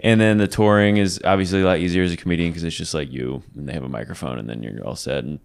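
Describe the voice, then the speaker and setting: Smooth-voiced comedian telling wry stories. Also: male voice, sits low, fast talker. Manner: wry storytelling, dry asides. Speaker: stand-up comedian. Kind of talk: casual podcast chat.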